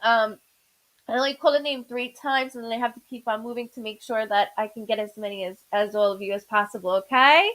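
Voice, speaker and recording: A woman's voice: a little high, brisk, fairly bright tone, poor audio. A woman hosting a live psychic-reading stream from home, chatty and repeating viewers' names, stumbling over her words now and then. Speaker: psychic medium host.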